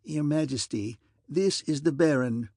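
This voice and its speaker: A man's voice: a little high, a little slow, darkish tone, no echo, clean studio sound. A man voicing a fussy, adenoidal male court servant. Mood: officious.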